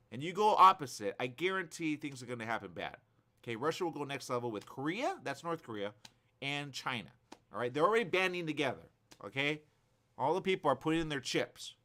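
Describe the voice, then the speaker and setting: A male radio host delivers opinionated news commentary with a slightly high voice that swings widely in pitch. He talks emphatically and keeps hammering his points by repeating himself. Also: a bit bright. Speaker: radio talk show host.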